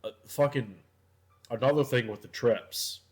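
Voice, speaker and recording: A young man co-hosting a casual podcast, swearing freely as he rambles through a story. His voice sits at an ordinary middle pitch, and his asides often sink to a low mutter. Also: moderate pace. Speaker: podcast co-host. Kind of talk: casual chat.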